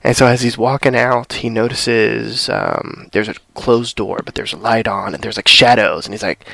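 A man's voice: medium pitch, moderate pace, gravelly, few pauses, no echo. A man co-hosting a casual podcast, retelling a TV episode and acting out the characters' lines. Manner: animated retelling, acting out dialogue. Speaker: podcast co-host. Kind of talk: casual recap chat.

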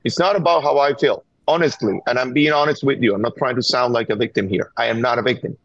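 A man's voice: medium pitch, quick pace, no echo. Earnest Venezuelan-accented man on a dull line. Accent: Venezuelan Spanish. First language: Spanish. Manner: earnest, urgent, repeats words when pressing a point. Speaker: guest, gun violence activist. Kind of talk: call-in interview. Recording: dull, dry remote line.

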